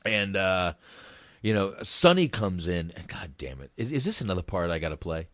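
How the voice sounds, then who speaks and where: A man's voice: low voice, sing-song, normal speed, a bit bright, dry recording, clean studio sound. A man hosting a casual podcast, telling rambling, profane stories about a film. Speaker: podcast host.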